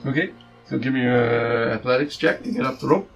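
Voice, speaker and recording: A man running a tabletop game as game master, relaxed and joking with his players. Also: mid-range voice, fairly quick, gravelly, highs cut off, soft background music. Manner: relaxed, joking, laughs often.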